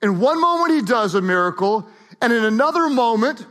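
A man's voice: very high voice, expressive, a little fast, a bit bright, big-room sound. A male pastor preaching a dramatic sermon, acting out scripture scenes and calling on the congregation to repeat lines.

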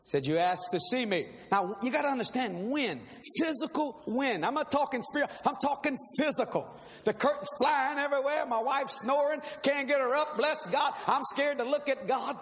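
A man's voice: very high voice, normal speed, fairly bright tone. A man preaching a sermon, telling a personal testimony in a dramatic, emphatic way and laughing often. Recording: long hall reverb, faint background hiss.

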